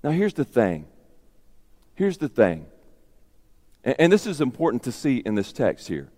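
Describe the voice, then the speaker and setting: A man's voice: mid-range voice, huge pitch swings, unhurried, dark tone, big-room sound. A man preaching a sermon as pastor, emphatic and repeating his key phrases.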